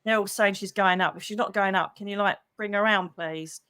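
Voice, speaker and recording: A middle-aged woman, a psychic medium, hosting a livestream and telling a story in a lively, chatty way, acting out the voices she quotes and calling people darling. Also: medium pitch, fairly quick, clear, resonant tone, no echo, studio quality.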